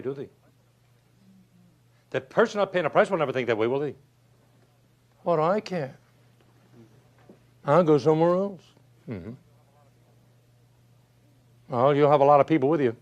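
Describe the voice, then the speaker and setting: An older man giving a motivational talk, telling folksy stories and asking rhetorical questions, swinging from loud to hushed. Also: a little high, moderate pace, long pauses, highs cut off. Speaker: motivational speaker. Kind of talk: motivational speech.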